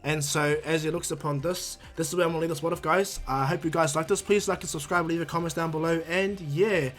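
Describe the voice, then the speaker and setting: A man's voice: on the high side, fairly even intonation, quick pace, fairly bright tone, soft background music. A man casually narrating a fan-made anime story for his channel, rambling, restarting words and adding "you know". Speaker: YouTube storyteller.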